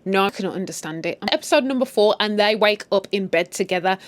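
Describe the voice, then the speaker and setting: A woman's voice: mid-range voice, animated, fast talker. A woman casually recapping a TV series, with sassy, opinionated asides. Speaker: recap host. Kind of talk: casual story recap with commentary.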